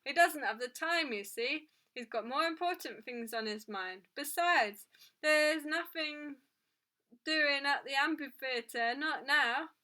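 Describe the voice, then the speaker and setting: A woman's voice: high-pitched, slow pace, sharp tone, pitched above the performer's own voice, full character voice. A woman reading aloud, voicing a harried male café owner who speaks hurriedly and nervously.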